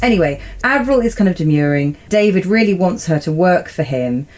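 A woman's voice: lowish voice, expressive, brisk, darkish tone. A woman co-hosting a podcast, recapping a television episode in casual chat, amused and laughing often. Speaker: podcast co-host.

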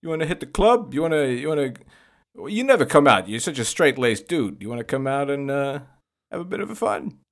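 Man playing a goofball party pal, raised pitch, pushy and repetitive, lively. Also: a little fast. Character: goofy eager male party buddy.

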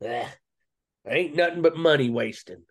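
A gruff old grandmother with a thick West Virginia drawl scolds bluntly in folksy country talk, as a man puts her on. The voice sits higher than a man's usual range and sounds old and loving underneath. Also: normal speed, lightly acted.

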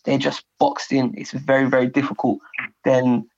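A young man in a casual football chat, explaining tactics at length in a measured way. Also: medium pitch, level tone, creaky, darkish tone, muffled recording, a little hiss or hum.

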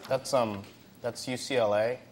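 A man's voice: mid-range voice, fairly even intonation, measured pace, very noisy, natural voice. A man playing a nervous, stammering job applicant. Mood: awkward. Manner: hesitant, polite, stammering. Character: polite nervous young male job applicant. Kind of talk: comedy sketch acting.

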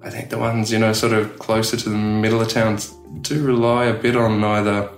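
A man's voice: on the low side, flat delivery, brisk, roomy sound, faint music behind. An Australian man chatting casually as an interview guest, rambling with lots of fillers and laughs. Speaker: tattoo studio owner, guest.

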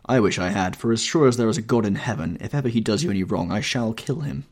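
A man's voice: on the low side, fast, a little mellow. A man reading an audiobook, voicing a sullen, jealous sixteen-year-old boy who speaks bluntly and with menace.

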